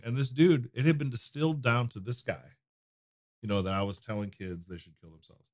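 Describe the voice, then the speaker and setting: Low-voiced man telling stories casually. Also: a little fast, darkish tone. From United States. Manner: loose storytelling with frequent fillers and restarts. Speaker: podcast guest, donut shop owner. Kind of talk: casual conversation.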